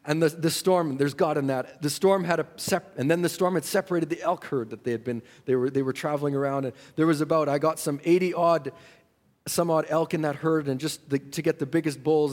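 Folksy man preaching in a big hall. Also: fairly high pitch. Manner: folksy storyteller, swings from hushed to shouting. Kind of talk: sermon storytelling.

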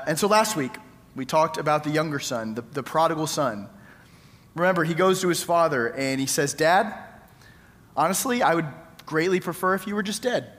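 Male pastor, conversational sermon storyteller, slightly high voice, long hall reverb. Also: fairly bright tone. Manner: conversational storytelling preacher, acts out quoted lines.

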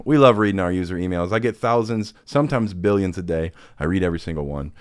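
Podcast host, young adult man, very low voice, dry close mic, playful storyteller. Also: fast, few pauses, clean tone, no room sound. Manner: animated storyteller, laughs often, jokey asides. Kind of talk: casual chat.

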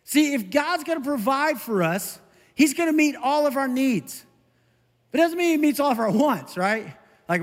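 A middle-aged male pastor preaching a conversational, animated sermon. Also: very high-pitched, normal speed, long reverb tail. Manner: conversational, animated, self-interrupting with laughs.

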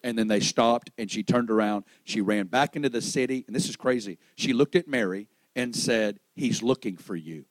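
A man's voice: lowish voice, moderate pace, few pauses, dry recording. Dramatic preacher man, dry close sound. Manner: dramatic, swings between loud exclamation and hushed storytelling; acts out quoted dialogue in the stories he tells. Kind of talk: sermon.

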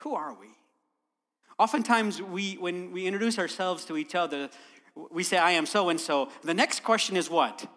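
A man's voice: high-pitched, normal speed, long reverb tail. A man preaching a sermon as a guest, telling stories and asking the congregation rhetorical questions. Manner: warm storyteller, rhetorical questions.

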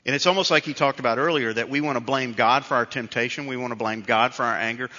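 Middle-aged male pastor, bright voice, easygoing storytelling sermon, dull hall recording. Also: medium pitch, fast, hardly any pauses. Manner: conversational storytelling preacher, self-deprecating. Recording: dull reverberant hall sound.

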